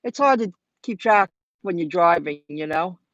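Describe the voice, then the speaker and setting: A woman's voice: fairly low pitch, animated, moderate pace, no room sound. Woman vlogger, casual and rambling, live from her car, dry and dull lo-fi phone audio. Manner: chatty, rambling, talks straight to viewers. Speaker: vlogger hosting a live stream. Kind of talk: casual live-stream storytelling. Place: in her car while driving.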